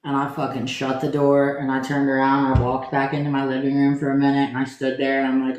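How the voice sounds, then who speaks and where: A man's voice: medium pitch, monotone, fast talker, few pauses, darkish tone. A man co-hosting a casual chat show, rambling and repeating himself as if worn out. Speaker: podcast co-host. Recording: very echoey room with faint noise.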